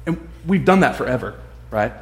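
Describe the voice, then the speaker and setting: A man's voice: medium pitch, normal speed. A man giving a casual, conversational sermon, acting out the voices of the people in his story. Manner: animated, acts out voices of others. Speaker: pastor. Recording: echoey room.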